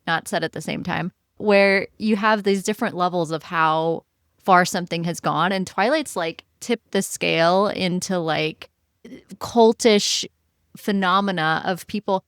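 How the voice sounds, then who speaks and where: A woman's voice: fairly low pitch, measured pace, clear, resonant tone, no room sound, studio quality. A woman co-hosting a book podcast, chatting animatedly and rambling with lots of filler words. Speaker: podcast co-host. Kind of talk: casual chat.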